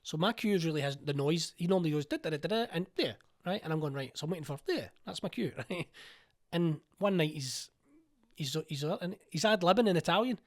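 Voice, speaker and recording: A man with a Glaswegian accent, an actor telling stories in a casual interview and acting out the lines he quotes. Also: a little fast. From Scotland. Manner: animated, acts out quotes with raised pitch. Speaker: actor and playwright, guest.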